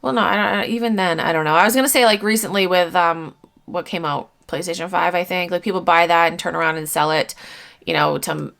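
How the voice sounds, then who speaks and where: Talking fast with vocal fry, this thirties-aged online reseller responds to viewer comments in a relaxed vlog straight to camera. Her fairly low, fairly bright voice is blunt and candid, dropping casual swears and laughs between points.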